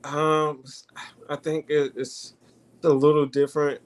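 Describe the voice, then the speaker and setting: A man talking casually in a group discussion, halting with many fillers and restarts. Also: a little high, flat delivery. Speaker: panelist discussing card readings.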